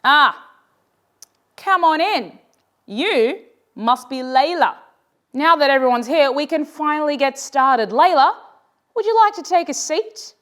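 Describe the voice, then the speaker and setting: A woman's voice: sits high, lively intonation, measured pace, long pauses, a bit bright, pitched above the performer's own voice. A woman voicing a strict older teacher who speaks in a prim, scolding way. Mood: welcoming.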